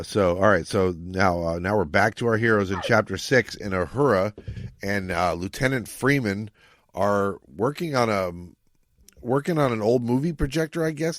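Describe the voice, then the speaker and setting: A man's voice: lowish voice, no echo, clean studio sound. A man co-hosting a podcast, talking through a novel in a loose, rambling way with many fillers. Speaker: podcast co-host. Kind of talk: casual book discussion.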